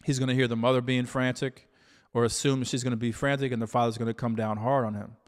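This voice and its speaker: A man talking alone to his audience as a relationship coach, in a measured, reflective way with many "you know" fillers. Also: mid-range voice, flat delivery, in a large hall. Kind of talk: solo talk to camera.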